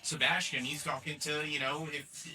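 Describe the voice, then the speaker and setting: Bright-voiced man, distant mic. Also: on the high side, little pitch movement, moderate pace. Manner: stammering, chatty, persuasive. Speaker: co-host. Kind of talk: casual podcast chat. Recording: distant mic, faint noise.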